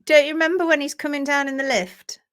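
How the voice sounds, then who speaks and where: High, bright-voiced bubbly woman host. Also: steady tone, fast. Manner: chatty and bubbly, greets viewers by name. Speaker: livestream host. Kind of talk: casual live chat, reading out viewer comments. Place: at home, based in France.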